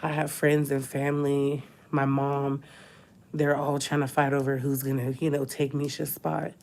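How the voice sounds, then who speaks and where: A woman's voice: a bass voice, little pitch movement, moderate pace, vocal fry, darkish tone. A woman, crying as she talks openly in a personal vlog from a hospital room. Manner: tearful, talks through crying. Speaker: vlogger.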